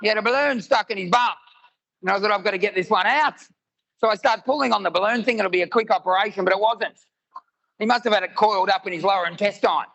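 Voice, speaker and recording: A man's voice: sits high, quick pace, vocal fry, fairly bright tone, dull audio. A man, telling stories in a live stand-up routine and acting out both sides of the dialogue. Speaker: stand-up comedian. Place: live comedy venue with audience.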